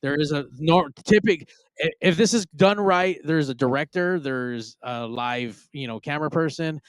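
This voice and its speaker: Smooth-voiced, laid-back guest. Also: male voice, on the high side, moderate pace, no echo. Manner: laid-back, crude, loose explanations. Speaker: podcast guest, live show director. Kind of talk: casual chat.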